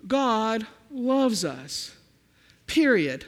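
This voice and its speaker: A man's voice: high-pitched, big pitch swings, extremely slow, big-room sound. A man preaching a sermon, rhythmic and repetitive, calling out to the congregation.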